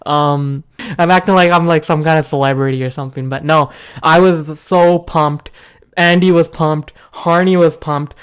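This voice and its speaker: A young man hosting a gaming video, telling a rambling story with bursts of excitement. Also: a little high, normal speed, clean tone. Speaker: gaming channel host.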